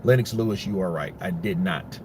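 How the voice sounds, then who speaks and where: A man's voice: sits low, fairly quick, darkish tone, slight background noise. A man giving casual, rambling boxing commentary, full of profanity and restarts.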